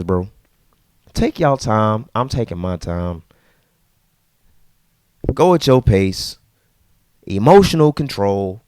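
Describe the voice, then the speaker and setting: A man ranting casually to camera in a vlog, slangy and repetitive, dropping to low mutters and jumping to high outbursts. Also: no echo, clean studio sound. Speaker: vlogger.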